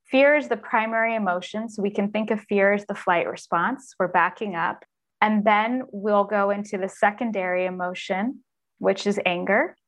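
Earnest, expressive woman coach. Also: mid-range voice, normal speed. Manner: earnest and expressive, acts out inner voices. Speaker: author and executive coach, podcast guest. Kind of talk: conversational interview.

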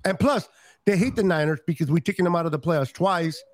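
Excitable man on a video call, dry sound. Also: a little high, fairly quick, no echo. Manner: excitable, talks over others. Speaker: guest panelist. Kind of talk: casual chat.

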